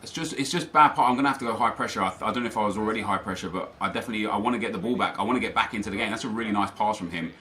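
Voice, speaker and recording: A man's voice: on the low side, rapid-fire, few pauses, bright, forceful tone, slight background noise. A young man commentating live over his own gameplay, ranting in frustration to his viewers. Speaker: gaming YouTuber.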